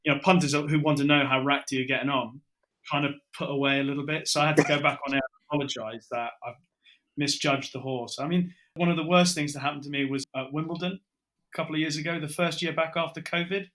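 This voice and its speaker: Bright-voiced British man telling stories. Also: a little high, fast. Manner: lively storyteller, acts out his own quotes. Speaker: broadcaster guest. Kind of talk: casual podcast chat, anecdotes.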